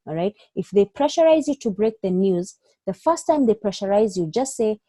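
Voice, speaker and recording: A woman's voice: medium pitch, lively intonation, moderate pace, mellow, no echo. A woman teaching an online exam-prep lesson for doctors, giving step-by-step advice and checking in with frequent "okay?". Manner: acts out doctor and patient lines in her own voice. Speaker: medical exam tutor.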